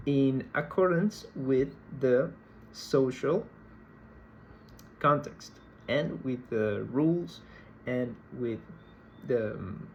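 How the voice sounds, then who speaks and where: A man's voice: mid-range voice, lo-fi sound. Guy lecturing a class, takes his time, repeats words a lot, bit of faint background noise. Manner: slow, deliberate, repeats words while explaining. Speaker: university lecturer.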